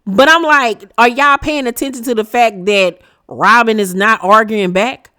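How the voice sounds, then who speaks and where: A woman hosting a casual reality TV recap, sassy and animated, talking straight to her viewers. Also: a little high, moderate pace.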